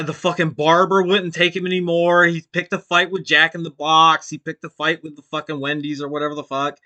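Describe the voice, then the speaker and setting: A man hosting a stream, giving loud, mocking reaction commentary full of swearing. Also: on the high side. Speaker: stream host.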